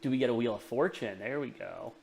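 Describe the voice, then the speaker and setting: A man hosting a casual sports betting chat, talking quickly and jokily and laughing often. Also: medium pitch, vocal fry, darkish tone, slight background noise. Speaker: podcast host.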